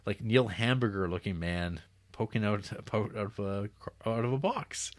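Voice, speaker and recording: A man's voice: on the low side, moderate pace, no echo. A man co-hosting a podcast, casually recapping a film in a rambling way and acting out the scenes. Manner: rambling, self-interrupting, acting out scenes with quoted voices. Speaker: podcast co-host.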